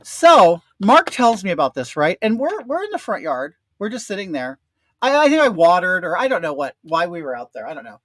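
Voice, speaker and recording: Swearing plenty and slipping into a rant, an older man tells a story to his audience in a casual, animated manner. His voice is high and fairly quick, and the recording is free of echo.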